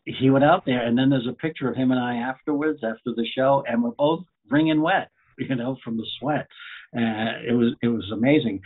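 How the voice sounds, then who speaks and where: A man's voice: mid-range voice, breathy edge. A middle-aged man, a comedian, telling chatty stories about his career in a casual way. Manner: chatty anecdotal storyteller, repeats phrases. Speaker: guest comedian. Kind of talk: casual storytelling. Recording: phone-like narrow audio.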